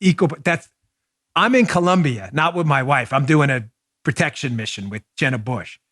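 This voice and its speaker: A man hosting a political talk show, delivering animated, mocking commentary with big swings in his voice. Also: medium pitch, moderate pace, no echo, clean studio sound. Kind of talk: opinionated commentary.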